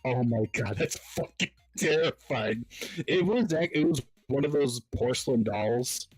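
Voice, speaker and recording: A man's voice: medium pitch, animated, a little slow, breathy edge. A man hosting a podcast, telling a story casually with lots of fillers and laughs. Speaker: podcast host. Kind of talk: casual chat.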